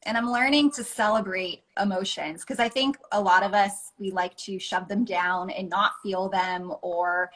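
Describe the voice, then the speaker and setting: A woman, a life coach, talking as a guest in a casual interview, earnest and enthusiastic and quick to laugh. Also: medium pitch, steady tone, a bit bright, poor audio.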